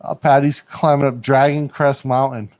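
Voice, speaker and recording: A man's voice: mid-range voice, level tone, moderate pace, darkish tone. Chatty male host rambling on a livestream. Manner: rambling, chatty, laughs often, hedges with "I think". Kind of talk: casual livestream chat. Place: studio in Bangkok.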